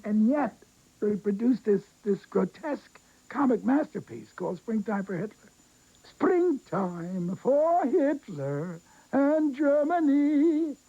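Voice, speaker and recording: A man recalls a production with emphatic relish, his voice gravelly and very husky. The dark, mellow tone comes through dull, lo-fi audio. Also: sits high. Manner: animated, emphatic storytelling. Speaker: interviewee. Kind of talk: documentary interview.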